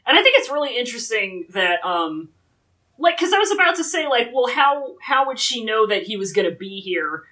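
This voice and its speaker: A woman with a bright, clear voice recaps a story in casual chat. Her pitch is a little high and swings widely as she talks. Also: normal speed, low-quality recording. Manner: animated, jumps into character quotes. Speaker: podcast co-host.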